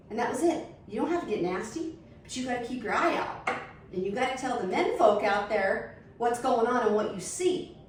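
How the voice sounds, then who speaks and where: A blunt, animated woman tells stories in a casual chat while she sets a table. Her voice sits a little high. She is heard from off the mic in an echoey room, with a faint hum of ambience behind her. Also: normal speed, far from the mic. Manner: sassy, blunt, animated storyteller. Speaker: vlogger setting a table.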